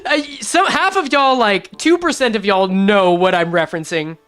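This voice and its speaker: A woman's voice: medium pitch, moderate pace, fairly bright tone, clean tone, soft background music. A woman streamer giving casual, joking let's-play commentary, swearing freely between read lines. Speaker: game streamer.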